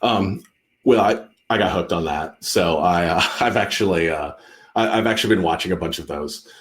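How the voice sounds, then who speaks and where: A man's voice: low voice, normal speed. A man, an author hosting a live Q&A stream, chatting casually and rambling with many restarts and fillers. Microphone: computer or phone mic on a live stream.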